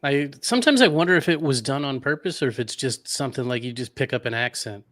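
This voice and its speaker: A man's voice: mid-range voice, expressive, fast talker, a bit bright. A man co-hosting a podcast, mostly answering with brief reactions and questions. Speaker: podcast co-host. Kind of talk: casual podcast chat.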